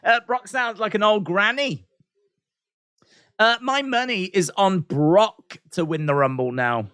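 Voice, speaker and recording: A man's voice: high voice, a little slow, a bit bright, clear, resonant tone, no echo, clean studio sound. A man reacting live to a wrestling show, repeating lines and laughing at his own jokes.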